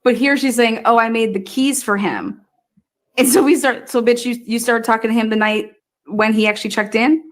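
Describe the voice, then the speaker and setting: A woman's voice: fairly high pitch, fairly even intonation, normal speed. A woman hosting a true crime livestream, ranting in crude casual talk and cackling often. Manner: loud, swearing, cackling often. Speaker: true crime streamer host. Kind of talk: profane casual livestream rant.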